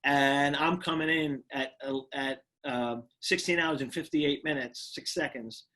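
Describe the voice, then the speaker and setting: A man's voice: on the high side, steady tone, measured pace, sharp tone. Guest, middle-aged New York man, casual storyteller who restarts and repeats himself. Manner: repeats words and restarts often, laughs easily. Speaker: guest, retired firefighter and motivational speaker.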